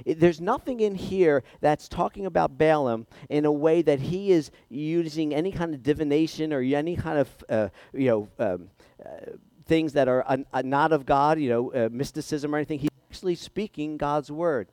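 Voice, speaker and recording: A man preaching a sermon, an animated storyteller who acts out the voices in the story. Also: fairly high pitch, moderate pace, smooth, dry recording. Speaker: pastor.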